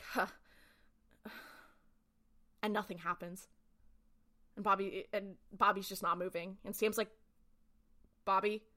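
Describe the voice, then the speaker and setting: A woman's voice: medium pitch, bright, forceful tone. A woman podcast co-host casually recapping a TV episode, chatty and full of "like" fillers.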